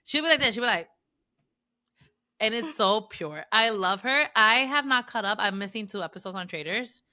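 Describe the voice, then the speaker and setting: A young woman co-hosting a casual podcast, chatting excitedly and acting out moments from a reality show. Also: medium pitch, moderate pace, no room sound. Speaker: podcast co-host. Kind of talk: casual chat.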